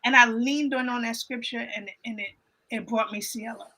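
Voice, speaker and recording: A woman telling an emotional personal faith story in a casual panel chat, animated and often repeating her phrases. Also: a little high, normal speed, rough recording. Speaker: guest on a livestream panel.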